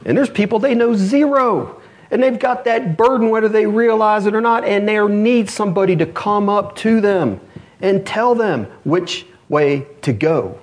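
Male preacher, sermon voice, storyteller who drops low and soft then rises high for emphasis. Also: lively intonation, normal speed.

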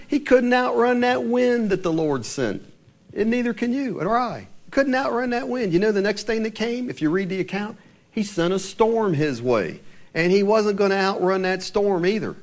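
A male pastor delivering a sermon in a fairly high voice. He reads scripture aloud and leans hard on key words with slow, emphatic stresses.

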